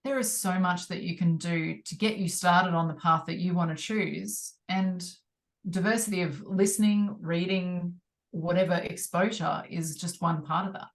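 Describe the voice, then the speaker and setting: Woman cohost on a podcast, lowish voice, steady and encouraging, casual chat. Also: moderate pace. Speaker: podcast co-host.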